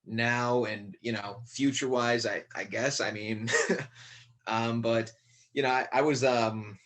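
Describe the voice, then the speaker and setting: Young man, about twenty, from connecticut, rambling with fillers, mid-pitched voice. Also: fairly even intonation, takes it slowly, a bit bright. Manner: rambling, many fillers and restarts. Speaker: guest, young actor. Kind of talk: casual podcast interview.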